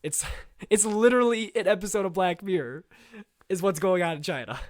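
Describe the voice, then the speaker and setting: A male podcast co-host chats casually, animated and full of filler words. His voice is slightly high, and the recording is dry and close. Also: a little fast, no echo. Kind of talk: casual current-events chat.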